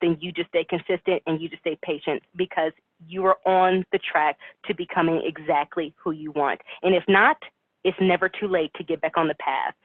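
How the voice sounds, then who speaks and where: A woman's voice: lowish voice, steady tone, normal speed, no room sound. A woman giving an emphatic, rousing motivational talk to her team on a conference call. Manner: rousing, emphatic, repetitive exhortation. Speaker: motivational speaker. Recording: tinny phone line.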